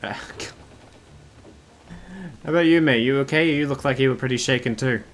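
A man's voice: medium pitch, moderate pace. A man streaming a video game, joking and sarcastic with the characters, laughing often and swearing in casual commentary.

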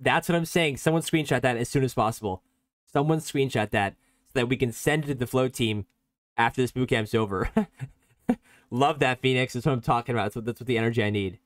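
A man's voice: mid-range voice, no room sound, clean studio sound. A man teaching a live online coding workshop in a casual, rambling way, reacting to chat and prone to giggling. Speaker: workshop instructor.

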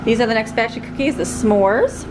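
A chatty middle-aged mother narrates her busy home in a bright, fairly high voice, upbeat and quick to move from one thing to the next. She is filming herself on a handheld camera indoors. There is clear household noise around her. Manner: chatty, upbeat, talks to her dogs in a high sing-song voice. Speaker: vlogger, mother. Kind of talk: casual home vlog chat. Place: family home, kitchen and basement. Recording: noisy home recording.

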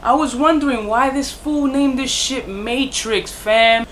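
A man's voice: very high-pitched, unhurried, a bit bright, slight background noise. Profane man ranting over fragrances. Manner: profane, rants in bursts of mock outrage; jokey, self-mocking asides. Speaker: fragrance reviewer. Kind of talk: casual vlog review.

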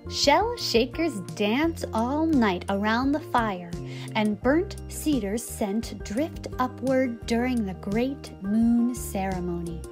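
A woman's voice: a little high, lively intonation, slow, over music. A woman doing a cheerful puppet storyteller. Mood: storytelling. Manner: bright, gentle, teacherly. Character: cheerful puppet reading buddy. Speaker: storyteller, show host. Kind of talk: reading a picture book aloud to children.

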